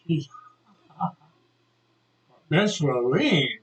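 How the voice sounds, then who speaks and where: An older man telling a childhood story, acting out the people in it with shouted quotes. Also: on the high side, very slow. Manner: animated, acts out shouted quotes. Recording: dull lo-fi recording.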